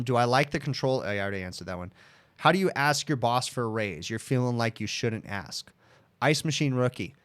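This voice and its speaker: Frank, chatty man in his thirties. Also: mid-range voice. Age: 30s. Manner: frank, chatty, addresses viewers as dude and bud. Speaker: HVAC technician hosting a Q and A livestream. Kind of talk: casual livestream Q and A.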